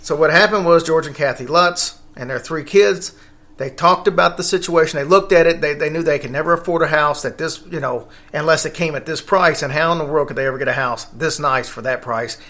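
A man's voice: a little high, brisk, sharp tone. A man hosting a casual podcast, rambling along with fillers and self-corrections. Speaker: podcast host.

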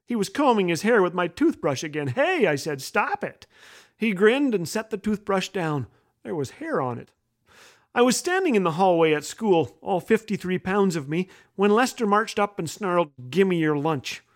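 A man's voice: high-pitched, big pitch swings, moderate pace. A man hosting a humor show, reading his own children's story aloud with a playful, jokey delivery. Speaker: host and storyteller.

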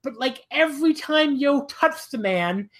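A man co-hosting a wrestling podcast, talking in a rambling, casual way, his voice jumping high when he gets exasperated. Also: animated, measured pace, a bit bright.

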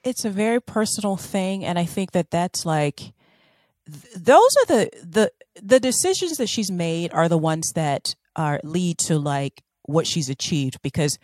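A woman with a lowish voice chats on a podcast, gushing with delight and stumbling as she hunts for the right word. Her talk is full of fillers and restarts. The sound is dry and close, with no room around it. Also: expressive, unhurried, a little mellow, dry recording. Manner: gushing, gropes for words, many fillers. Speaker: podcast co-host. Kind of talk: casual chat.

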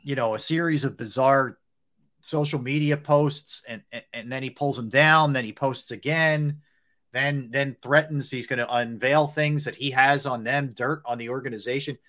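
A man's voice: medium pitch, fairly even intonation, normal speed, fairly bright tone. Stat-reciting male sports talk co-host. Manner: conversational, rattles off stats, many fillers. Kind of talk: casual sports radio chat.

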